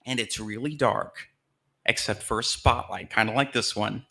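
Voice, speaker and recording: Male host from Alabama, chatty live storyteller with a bright, forceful voice. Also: on the low side, steady tone, normal speed, gravelly. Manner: chatty, laughing as he tells it. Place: live theater stage.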